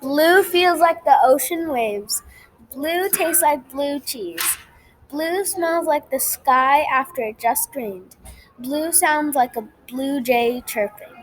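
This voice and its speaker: A woman's voice: high voice, slow pace, low-quality recording. A woman reciting a short poem in a careful, line-by-line way. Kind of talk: reciting a sensory color poem.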